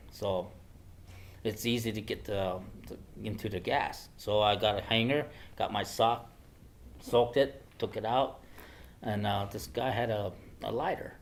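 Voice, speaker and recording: Older man telling stories, halting. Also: on the low side. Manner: hesitant, many fillers and restarts. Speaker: guest speaker. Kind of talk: personal storytelling to a class. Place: classroom.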